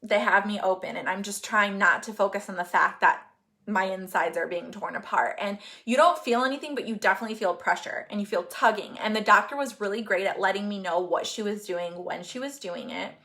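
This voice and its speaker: A young woman, a vlogger, tells a personal story in a candid, chatty, rambling way, with plenty of "like" and "you know". Her voice sits at an ordinary middle pitch for a woman. She is open and unguarded, and emotion sometimes breaks through as laughter or tears. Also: a little fast, sharp tone. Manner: gets emotional, laughing and crying. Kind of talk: casual chat.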